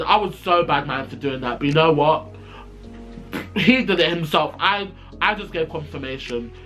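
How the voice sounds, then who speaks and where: Guy spilling a storytime, kinda high voice, sassy and sweary, faint music behind. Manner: animated, sassy and profane, acting out quotes. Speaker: vlogger. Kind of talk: storytime vlog.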